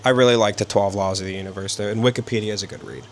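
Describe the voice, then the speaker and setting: A young man vlogging casually from his bedroom, rambling and halting with many fillers. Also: fairly low pitch, fairly even intonation, slight background noise. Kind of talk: casual self-interview. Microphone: small handheld camera.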